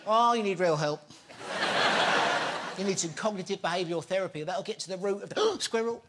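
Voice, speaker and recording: A man's voice: high-pitched, expressive, a little fast, very noisy. A man voicing a male dog who plays a pushy therapist, talking in a blunt, mock-clinical way. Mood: mock-serious.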